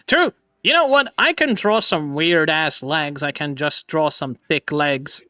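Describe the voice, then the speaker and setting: A man's voice: a little high, lively intonation, slow pace, bright, forceful tone, no room sound, clean studio sound. A young man hosting a casual streamed chat, laughing often and talking playfully. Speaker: VTuber streamer host.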